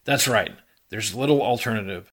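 A man's voice: fairly low pitch, moderate pace, fairly bright tone. A man doing a brusque, impatient city mayor. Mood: curt. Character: gruff big-city male mayor, impatient and curt.

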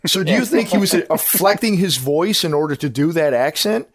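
A man's voice: on the high side, expressive, moderate pace, dry recording, studio quality. A man hosting a podcast, chatting casually about films in a rambling, enthusiastic way that circles back and corrects itself. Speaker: podcast host. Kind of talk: casual film-review chat.

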